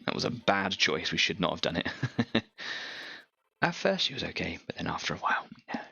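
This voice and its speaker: A man's voice: low-pitched, very animated, a little fast, gravelly, sharp tone, husky, no room sound, muffled recording. A man hosting an online painting stream, chatting casually and explaining each step while he works on a model. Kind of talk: casual chat while working.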